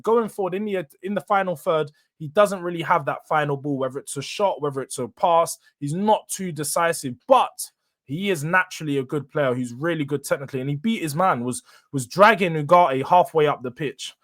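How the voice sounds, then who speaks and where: A young man hosts a fan reaction show, speaking in a fairly high voice. He rants with frustration, building into sudden loud outbursts before dropping back down. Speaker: host. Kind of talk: fan match reaction monologue.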